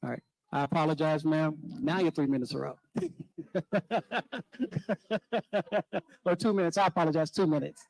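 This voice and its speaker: Meeting chair, mid voice, dry mic, brisk timekeeper. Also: medium pitch, steady tone, creaky, darkish tone, no echo, rough recording. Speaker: meeting chair keeping time. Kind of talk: chairing public comment. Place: village board meeting room.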